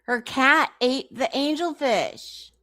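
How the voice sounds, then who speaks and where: A woman's voice: sits high, expressive, slow, bright, forceful tone, dry recording, studio quality. A woman streamer giving reaction commentary on a clip, incredulous and teasing as she talks back to it.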